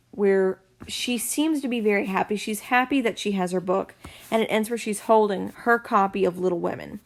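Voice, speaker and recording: A woman talks straight to the camera in a casual solo film review, at a middle pitch for a woman. She is blunt and opinionated, often pausing on "um" and correcting herself mid-sentence. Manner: blunt and opinionated, with frequent ums and self-corrections. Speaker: film reviewer, channel host.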